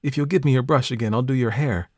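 Spirited young woman, high and defiant, voiced by a male reader, dry close sound. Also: quick pace, no room sound, lightly acted. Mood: pleading.

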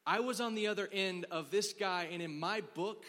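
A man from Dallas delivers a sermon in a fairly high, bright voice. He tells stories casually, with many fillers and acted-out quotes. The sound carries a long reverb from a large hall. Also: normal speed. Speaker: preacher. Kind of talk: sermon with storytelling.

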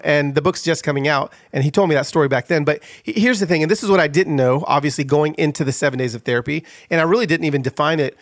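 A middle-aged man speaking a little high for a man, telling his story with animated energy and easy laughter. He is the guest author in a casual interview. The sound is dry and close with no room echo.

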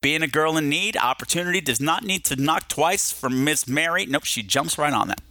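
A man's voice: medium pitch, pushed and bright, dry recording. A man hosting a podcast, giving chatty, emphatic and digressive commentary on a film. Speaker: podcast host.

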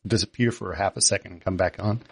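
A man's voice: low voice, fairly even intonation, quick pace, creaky, breathy edge, dry recording. A man hosting a movie review podcast, speaking casually and hesitantly with many uhs. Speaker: podcast host.

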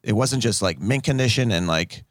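A man's voice: fairly low pitch, normal speed, no echo, studio quality. A man from the Chicago area, a comedian co-hosting a podcast from a comedy club, telling stories and acting out quotes. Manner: animated storyteller who acts out quotes. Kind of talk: casual chat.

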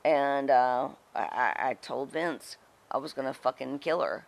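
Slow, gravelly-voiced blunt woman. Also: extremely low pitch. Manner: blunt, profane, emphatic. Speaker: guest, former wrestling personality. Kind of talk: candid interview storytelling.

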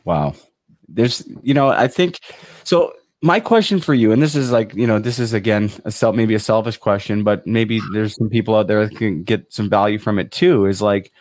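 A young man hosts a casual interview, his voice sitting at an ordinary middle pitch. He talks in long, rambling questions that are full of fillers and restarts. The sound is dry and close, with almost no room echo. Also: darkish tone. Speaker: podcast host.

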